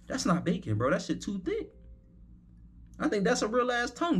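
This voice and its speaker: A man's voice: high-pitched, wildly swooping pitch, normal speed, long pauses, breathy edge. A young man giving rambling, profane, incredulous commentary while hosting a reaction video.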